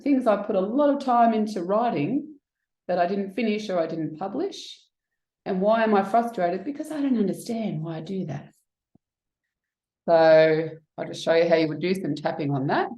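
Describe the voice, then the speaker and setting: A woman tapping coach calmly walking through a demonstration, talking herself through her own feelings as she guides the listener. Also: mid-range voice. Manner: calm, reflective, talks herself through feelings. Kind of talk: instructional demonstration. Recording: echoey room.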